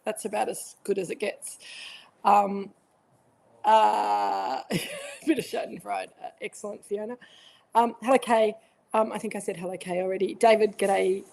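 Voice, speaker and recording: A woman's voice: mid-range voice, flat delivery, unhurried, vocal fry, long pauses, darkish tone. An Australian woman hosting a live online wine tasting from home, chatting casually, greeting viewers by name with lots of fillers. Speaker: winemaker and host of a live virtual tasting. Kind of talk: casual live-stream chat.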